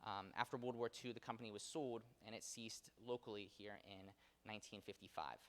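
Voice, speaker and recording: A man's voice: on the low side, a little fast. A man giving a local history lecture in a conversational way, with many fillers and self-corrections. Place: theater auditorium. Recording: long hall reverb.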